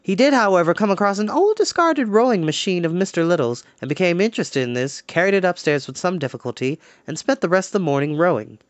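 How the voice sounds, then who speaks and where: A storyteller reading a children's book aloud in an expressive, lively way. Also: mid-range voice, fast talker, few pauses, no echo.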